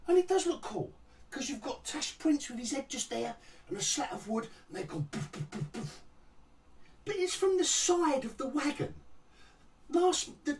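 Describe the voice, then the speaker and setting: A man's voice: very high-pitched, a little mellow. A man rambles through a sarcastic review of a TV episode, his voice leaping up and down as he mocks it. He restarts sentences and chuckles at the show. He sounds slightly distant from the microphone. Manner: mocking, rambling, restarts often, laughs at the show. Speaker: TV review vlogger. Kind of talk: sarcastic casual review rant.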